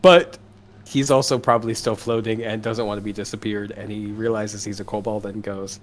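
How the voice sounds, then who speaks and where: A man's voice: fairly low pitch, level tone, moderate pace. A man playing a tabletop game, joking around in a playful way. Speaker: player.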